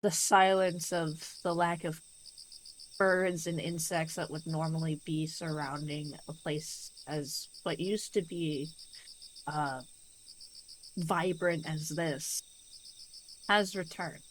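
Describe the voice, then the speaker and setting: A woman narrating a tabletop game as game master, describing scenes slowly and deliberately with many fillers. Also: deep voice, fairly even intonation, slight background noise.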